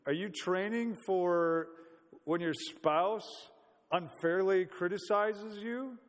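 High-voiced male preacher in a reverberant hall. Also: takes it slowly. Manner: conversational, storytelling, rhetorical questions. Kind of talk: sermon.

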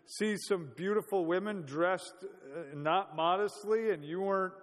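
A man's voice: high-pitched, unhurried, big-room sound. A man preaching a sermon in a conversational, storytelling way, full of rhetorical questions.

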